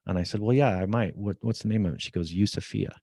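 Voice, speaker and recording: Deep-voiced middle-aged man telling a story. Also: quick pace, vocal fry, breathy edge, dry recording. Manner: lively storyteller, acts out quoted dialogue. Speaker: guest. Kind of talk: storytelling in a podcast interview. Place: office at company headquarters.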